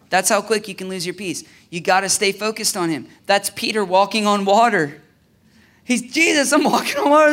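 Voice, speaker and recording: Man, pastor, church sermon, bright forceful tone, hushed then shouting, dramatic swings in volume. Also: high-pitched. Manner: swings from hushed, intimate passages to shouted declarations. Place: church service.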